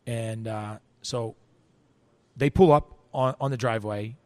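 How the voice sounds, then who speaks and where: A man's voice: mid-range voice, measured pace, dry recording. A man telling a story in an interview, acting out quoted voices, with frequent restarts. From United States. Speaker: interview guest.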